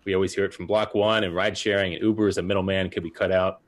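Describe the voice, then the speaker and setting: A man co-hosts a casual podcast and talks in a low voice. He rambles on in a relaxed, chatty way and drifts from one aside to the next. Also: quick pace. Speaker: podcast co-host.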